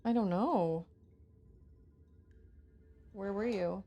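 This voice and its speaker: Streaming a game from home, a woman chats casually and lets out sudden yelps of surprise at what happens on screen. Her mid-range voice is mellow and very slow, and the audio sounds dull.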